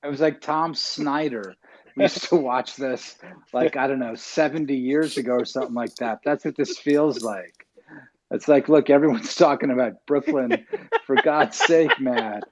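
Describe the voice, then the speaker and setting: A man's voice: mid-range voice, moderate pace. Joking, rambling man on a call. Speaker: guest. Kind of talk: casual group chat. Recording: muffled online audio.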